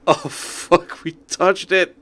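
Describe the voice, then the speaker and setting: Speaking slowly in a high voice, a man livestreams a game and talks both to his viewers and to the creatures he meets. He's excitable, and mishaps draw yelps and curses from him.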